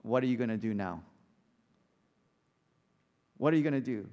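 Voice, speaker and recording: A man preaching a sermon as pastor, animated and asking the congregation rhetorical questions. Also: medium pitch, moderate pace, in a large hall.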